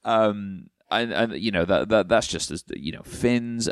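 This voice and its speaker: A man's voice: lowish voice, measured pace, hardly any pauses, smooth, dry recording, studio quality. A man co-hosting a podcast, chatting casually and sarcastically, rambling with many restarts. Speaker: podcast co-host. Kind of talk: casual chat.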